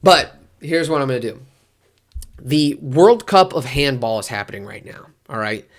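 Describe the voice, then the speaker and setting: A man vlogging about sports in a casual, rambling way, his voice jumping high when he gets worked up. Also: lively intonation, normal speed. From Detroit area.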